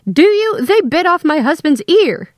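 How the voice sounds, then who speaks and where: A woman voicing a bossy, indignant older mother who snaps in a shrill voice. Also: expressive, slow, no echo, clean studio sound. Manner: snapping, high and loud.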